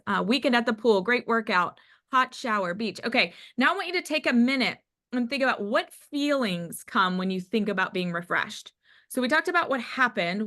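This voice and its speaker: A woman's voice: a little high, fairly bright tone. Upbeat woman hosting a team call. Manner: upbeat, encouraging. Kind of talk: leading a group call.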